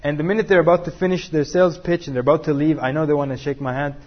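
A man's voice: fairly high pitch, fairly even intonation, racing, muffled recording. A man teaching a class, joking and asking the room questions. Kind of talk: interactive class talk with students.

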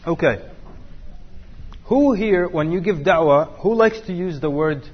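A man's voice: on the high side, a little slow, slightly rough, muffled recording. A man teaching a class, joking and asking the room questions. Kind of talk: interactive class talk with students.

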